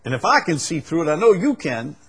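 Husky-voiced preacher with wild pitch swings. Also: male voice, sing-song, a little fast. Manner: swings between loud emphatic peaks and low, quiet stretches; rhetorical questions to the congregation. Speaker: pastor. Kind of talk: sermon.

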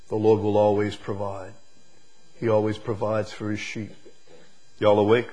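A man preaching a sermon, drawing words out slowly and swinging from loud emphasis to hushed, quiet lines. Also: fairly low pitch, monotone, poor audio. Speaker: pastor.

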